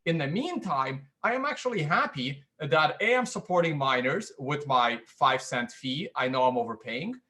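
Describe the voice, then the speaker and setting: A man's voice: a little high, expressive, moderate pace, hardly any pauses, sharp tone. A man hosting a podcast, chatting casually and making self-deprecating asides. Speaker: podcast host. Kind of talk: casual chat.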